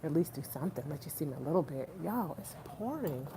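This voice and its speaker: A woman's voice: low-pitched, big pitch swings, quick pace, background noise. A woman chatting casually with her livestream viewers while she cooks in her home kitchen, laughing often and talking to them directly. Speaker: vlogger hosting a livestream. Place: home kitchen, rain outside. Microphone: phone set on the counter.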